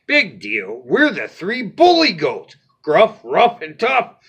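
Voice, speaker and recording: A man's voice: sits high, huge pitch swings, slow pace, fairly bright tone, slightly rough, dull audio, exaggerated voice. A man voicing Tough, a growling, scoffing male bully goat.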